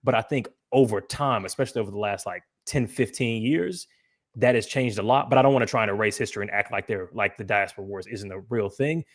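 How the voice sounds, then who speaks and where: A man's voice: lowish voice, fast. Man from Atlanta, podcast host; chatty, filler-heavy casual talk. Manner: chatty, fillers, laughs while talking.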